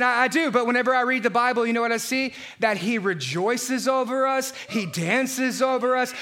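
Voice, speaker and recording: Male pastor, energetic sermon, bright forceful tone, shouts the big lines and quizzes the room. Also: very high voice. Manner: energetic, animated preaching with frequent shouted lines; rhetorical questions to the congregation.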